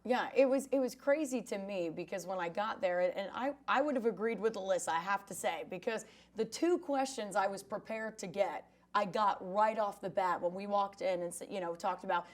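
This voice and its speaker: A woman's voice: mid-range voice, fairly quick, hardly any pauses. Chatty woman co-hosting sports talk. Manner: chatty, quotes people in lively voices. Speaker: sports reporter and co-host. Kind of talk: casual sports chat.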